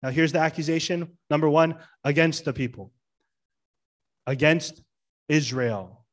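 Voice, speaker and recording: A middle-aged male pastor preaching a sermon in a lively way, often asking the church questions and stressing key words. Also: fairly high pitch, unhurried.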